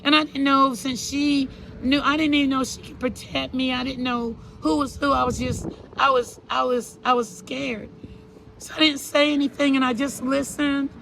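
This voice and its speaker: A woman telling her own story to an interviewer in an earnest, halting way, repeating herself and restarting her sentences. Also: high voice, flat delivery, gravelly, fairly bright tone, a little hiss or hum, poor audio. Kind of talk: personal account in an interview.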